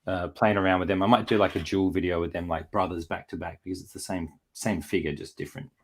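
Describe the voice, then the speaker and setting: Very deep-voiced man rambling casually. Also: fairly even intonation, fast, slight background noise. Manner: rambling, many fillers and restarts. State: recovering from a chest infection. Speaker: host. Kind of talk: casual chat while posing a figure.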